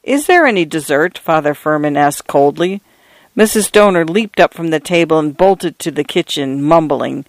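A man's voice: a little high, normal speed, no echo. Man narrating an audiobook, dry close sound.

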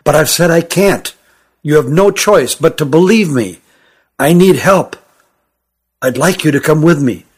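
A man's voice: on the high side, lively intonation, measured pace, pauses often, husky. Narrator doing sturdy young fugitive, urgent, secretive, near his own voice, storybook. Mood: secretive pleading. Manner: urgent, hushed, pleading. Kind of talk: audiobook character voice.

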